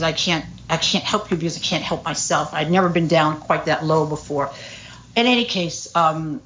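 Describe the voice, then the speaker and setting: A woman's voice: sits low, fairly bright tone, highs cut off, a little hiss or hum. A middle-aged woman speaking at a recovery meeting, telling her story candidly with lots of fillers. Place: meeting room.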